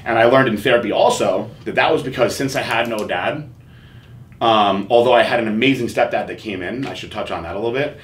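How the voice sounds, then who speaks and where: Man, podcast host, casual chat, blunt profane storytelling, roomy echo. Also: lowish voice. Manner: candid, profane storytelling with animated quoting. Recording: echoey room with faint noise.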